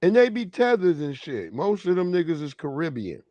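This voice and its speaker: A man's voice: fairly high pitch, very animated, moderate pace, mellow, no echo, highs cut off. A man hosting a live stream, giving loose, profane, slangy commentary on video clips.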